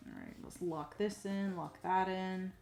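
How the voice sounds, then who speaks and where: Woman, casual stream chatter, slow unhurried pace, faint music behind. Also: mid-range voice, steady tone, vocal fry. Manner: rambling, self-talk with many fillers, soft muttering asides. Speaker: streaming digital artist. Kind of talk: casual live-stream chat while drawing.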